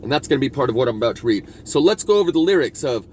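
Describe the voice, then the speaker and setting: A man's voice: medium pitch, big pitch swings, racing, a little mellow, slight background noise. A man talking in a meandering spiritual monologue, restarting his sentences and pressing hard on key words. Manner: meandering, restarts often, intense emphasis. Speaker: video blogger.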